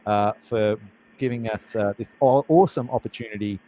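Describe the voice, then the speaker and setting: A man's voice: fairly low pitch, moderate pace, mellow, slight background noise, poor audio. A man hosting a live cooking show, chatty, jokey and self-deprecating. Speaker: host.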